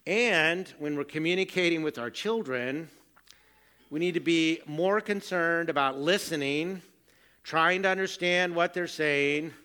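A middle-aged pastor delivers a sermon in a bright, clear-edged voice. He is earnest and self-deprecating, slipping into family anecdotes to make his point. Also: on the high side, a little slow.

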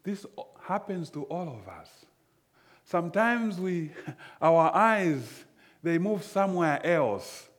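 A man preaching a sermon slowly and emphatically, often repeating phrases. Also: high voice, big pitch swings.

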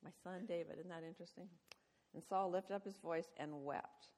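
A woman's voice: on the low side, steady tone, normal speed, darkish tone. A woman retelling a Bible story to her study group, chatty and humorous, laughing at her own jokes. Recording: long reverb of a hall.

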